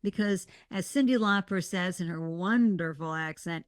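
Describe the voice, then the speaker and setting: A woman guest talking in an interview, passionate and emphatic, with animated bursts of enthusiasm. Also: fairly low pitch, moderate pace, no echo, clean studio sound. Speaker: guest, startup mentor and podcast host. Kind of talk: conversational interview.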